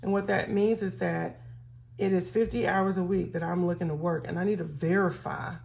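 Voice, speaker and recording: A woman's voice: lowish voice, normal speed, gravelly. A middle-aged woman hosting a budgeting vlog, chatting casually with her viewers while counting cash. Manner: chatty, relaxed, talks to viewers as y'all. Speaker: budgeting vlogger host.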